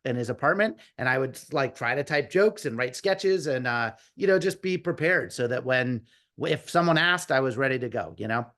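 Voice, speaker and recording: A man in his fifties, a comedy writer guest, telling animated, rambling stories with lots of restarts and quoted asides. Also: mid-range voice, moderate pace. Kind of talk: casual storytelling interview.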